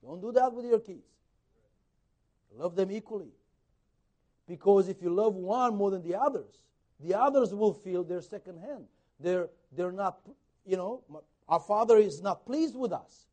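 A man preaching a conversational sermon as a pastor, swinging between loud emphasis and soft asides, sometimes acting out dialogue. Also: high-pitched, unhurried, long pauses. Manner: acts out quoted dialogue.

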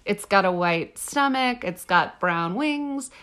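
A woman guest expert in casual podcast chat, excitable and quick to laugh and exclaim. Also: medium pitch.

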